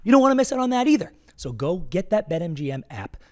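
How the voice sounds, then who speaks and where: A man co-hosting a hockey podcast, reading an ad with excitement and chatting casually. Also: high voice. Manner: excitable, fast ad read then rapid disclaimers. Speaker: podcast co-host. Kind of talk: casual chat and read ad.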